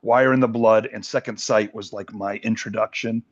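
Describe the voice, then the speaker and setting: A man's voice: lowish voice, steady tone, moderate pace, dull audio. A man co-hosting a podcast, chatting casually about TV shows, rambling with restarts and laughing easily. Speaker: podcast co-host. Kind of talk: casual chat.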